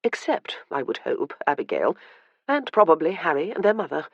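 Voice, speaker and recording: A woman's voice: sits low, sing-song, normal speed, dry recording, dull audio, full character voice. A woman voicing Elizabeth, a wry, perceptive noblewoman who teases dryly in an audiobook. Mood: teasing. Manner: dry and teasing. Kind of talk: audiobook character reading.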